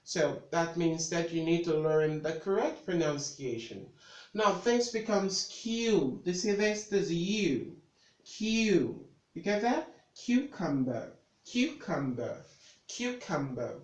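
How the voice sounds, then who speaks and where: A man teaching pronunciation in an online lesson, speaking slowly and repeating each word several times. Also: sits high, animated. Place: room with a board. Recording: echoey room.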